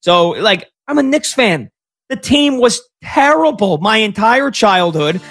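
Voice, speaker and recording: Excitable high-voiced radio host man. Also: faint music behind. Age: 30s. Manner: excitable, fast-talking fan. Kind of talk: sports talk radio show.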